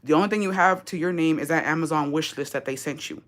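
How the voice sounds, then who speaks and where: A woman's voice: low-pitched, fast. Profane ranting woman. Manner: profane, sarcastic, switching between English and Spanish. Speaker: live-stream vlogger. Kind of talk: heated rant on a livestream.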